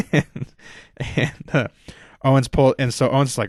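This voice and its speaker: A man's voice: steady tone, normal speed, pauses often, darkish tone, no room sound, clean studio sound. Rambling profane young man recapping wrestling. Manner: rambling, profane, acts out quotes in a higher voice. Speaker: podcast host.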